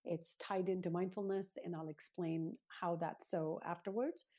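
A woman with a slightly husky, low-pitched voice speaks as a guest in an interview. Her tone is dark and mellow. She lays out her points in an earnest, teacherly way, step by step. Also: steady tone, moderate pace. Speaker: parenting author, guest. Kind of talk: explanatory interview talk.

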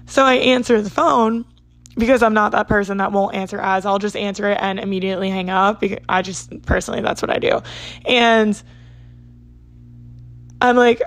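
A woman's voice: medium pitch, steady tone, normal speed. A young woman casually telling a dating story, chatty and peppered with "like". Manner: chatty, says "like" a lot. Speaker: vlogger.

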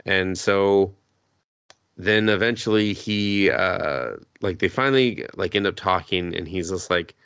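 A man chats casually on a podcast, rambling through a story and cursing freely. His voice sits on the low side, and the sound is dry and close with no room echo. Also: a little slow, creaky, a bit bright, clean tone, muffled recording. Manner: rambling, swears freely, acts out characters' lines. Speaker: podcast co-host. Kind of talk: casual anime recap chat.

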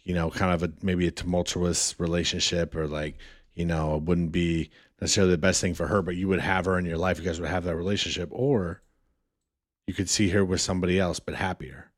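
A man's voice: low voice, steady tone, fairly quick, dry recording, studio quality. A man co-hosting a podcast in casual banter, laid-back and tossing in "man" and "dude" constantly. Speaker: podcast co-host.

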